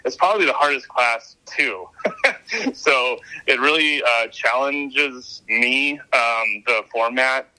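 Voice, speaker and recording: A man guesting on a podcast who owns a fitness studio, talking in a hesitant casual way with many pauses and restarts. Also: mid-range voice, fairly even intonation, bright, forceful tone, rough recording. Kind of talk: casual interview.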